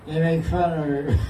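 A man teaching a group in a casual, playful way, often laughing and mimicking sounds as he goes. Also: sits high. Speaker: teacher explaining verses. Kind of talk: casual class talk. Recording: echoey room, from far off.

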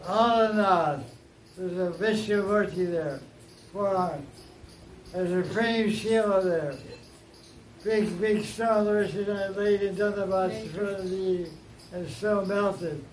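A high-pitched man leads an informal scripture class, retelling a story at an unhurried pace with playful asides. The sound is roomy and echoing. Faint crickets chirp in the background. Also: a little hiss or hum. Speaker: spiritual teacher.

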